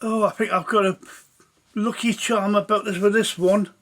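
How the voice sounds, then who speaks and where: A hearty veteran soldier, as a man voices him in a story, fatherly and cheerful. His voice sits high in register. The talk is friendly and easy. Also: little pitch movement, normal speed, fairly bright tone. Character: cheerful veteran male soldier sharing whiskey.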